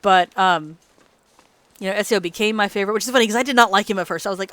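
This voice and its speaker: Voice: medium pitch, quick pace, a bit bright, no echo. A let's play host rambling in casual gameplay commentary, chatty and laughing often, sleepy and yawning late at night.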